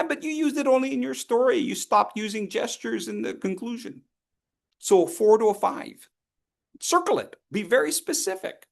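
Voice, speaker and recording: Man, speech coach, animated, playful, high-pitched bursts, lively swings in pitch. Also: normal speed. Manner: animated, playful, acts out students and sound effects. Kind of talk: lively training talk.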